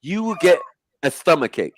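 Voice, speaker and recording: A man hosting a casual panel chat on a stream, ranting in an animated, exasperated way and swearing. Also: a little high, normal speed, dry recording. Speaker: stream host.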